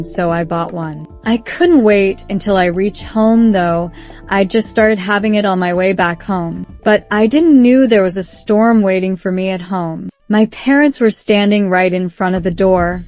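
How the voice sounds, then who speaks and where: A woman's voice: medium pitch, darkish tone. A young woman narrating a first-person storytime, chatty and dramatic, talking straight to her viewers.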